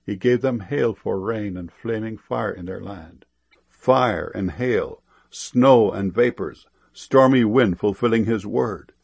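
A man giving a solemn scripture reading, with measured, deliberate phrasing and slow, emphatic stresses. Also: on the low side, gravelly, darkish tone, breathy edge.

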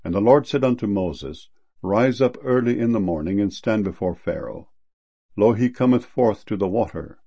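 A man reading archaic scripture verses aloud in a steady, measured way. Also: fairly low pitch, husky, dry recording, lo-fi sound.

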